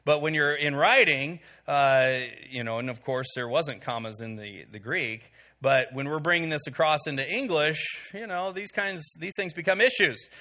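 Bright-voiced man teaching a Bible class. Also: on the high side. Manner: conversational, frequent "okay" and fillers, asks the room questions. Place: before a live audience in a room.

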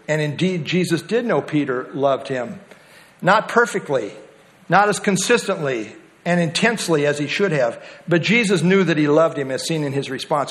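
A man's voice: a little high, lively intonation, moderate pace, a bit bright. A man preaching a sermon to his congregation, explaining scripture in an emphatic, expository way. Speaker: pastor.

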